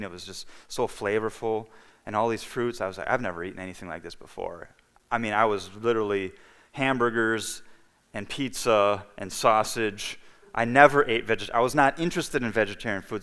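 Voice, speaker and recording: Man with a lowish voice, church speaker sharing his story loosely, lots of false starts. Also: fairly bright tone. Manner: rambling storytelling with restarts. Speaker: church health week speaker. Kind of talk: personal testimony talk.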